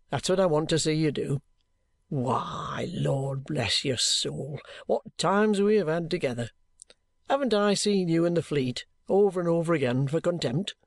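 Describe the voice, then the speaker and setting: An audiobook reader voicing a shrewd, jovial middle-aged male detective who coaxes and banters in a steady everyday voice, recorded close and dry. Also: mid-range voice, dry recording. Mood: coaxing. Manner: coaxing, bantering encouragement. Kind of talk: audiobook character reading.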